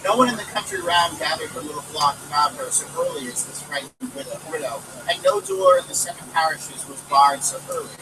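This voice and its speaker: A man reading a story aloud in a lively, expressive way, recorded outdoors from a distance with street traffic behind. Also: on the high side, brisk, hardly any pauses. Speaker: volunteer reader. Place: outdoors near a city hall.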